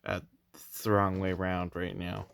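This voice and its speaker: A young Canadian man with a low, level, smooth, fairly bright voice with vocal fry talks at a moderate pace. Sounding tired, he records a casual toy review late at night, hesitant, rambling, and self-deprecating with lots of fillers.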